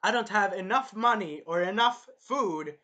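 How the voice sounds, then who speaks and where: A man playing a stingy, exasperated young male hero who scolds loudly. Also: high-pitched, normal speed, voice pushed up.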